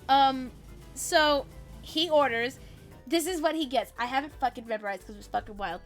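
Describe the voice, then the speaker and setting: A woman's voice: high-pitched, normal speed, faint music behind. A woman streamer casually telling a story to her chat, swearing freely, laughing often and breaking off to read out chat messages.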